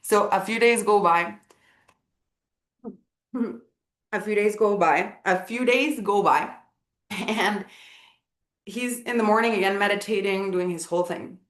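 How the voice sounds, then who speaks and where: A woman teaching at a live event, telling a story with animated energy, acting out the people she quotes and laughing often. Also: medium pitch, measured pace, pauses often. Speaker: spiritual teacher. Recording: roomy echo.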